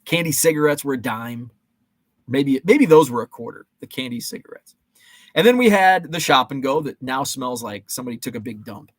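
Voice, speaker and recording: A man in his forties chats casually on a live stream, rambling from one thought to the next with plenty of fillers and restarts. He keeps a light, joking tone. His voice sits at an ordinary middle pitch, recorded with a dry, close sound. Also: lively intonation, moderate pace, dry recording. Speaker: host of a live chat stream.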